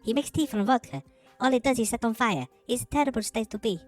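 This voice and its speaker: A woman's voice: a little high, lively intonation, fast, soft background music. A woman playing a rambling little ship cleaner. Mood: chatty. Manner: rambling, chatty, formal phrasing. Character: small earnest fussy ship cleaner. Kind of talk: tabletop role-play acting.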